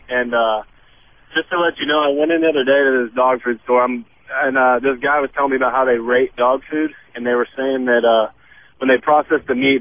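A man calling in on a tinny, phone-thin line, with a mid-pitched voice. He rambles with many pauses and filler words. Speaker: caller.

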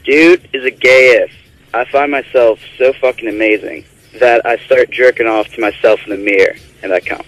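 A man's voice: mid-range voice, normal speed, a bit bright, no room sound, poor audio. Dry-sounding male radio caller. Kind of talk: call-in question.

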